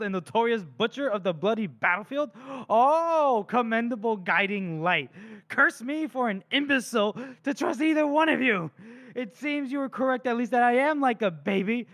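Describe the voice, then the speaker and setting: A grandiose, sneering poisoner with an affronted, high-flown delivery, as a podcast host acts him out. The voice climbs well above normal speech and spits its insults with melodramatic relish. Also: male voice, expressive, moderate pace, fairly bright tone, exaggerated voice. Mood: indignant sneering. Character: pompous theatrical male poisoner, older.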